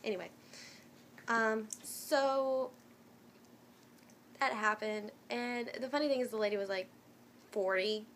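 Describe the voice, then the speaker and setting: A woman's voice: a little high, takes it slowly, pauses often, slight background noise. Chatty young woman telling a story. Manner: chatty and animated, many fillers and restarts. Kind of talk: casual storytime rant.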